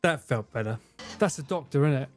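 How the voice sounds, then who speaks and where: A man livestreaming a game, excitable, swearing and laughing often as he chats. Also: medium pitch, brisk, soft background music. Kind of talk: casual gaming livestream chat.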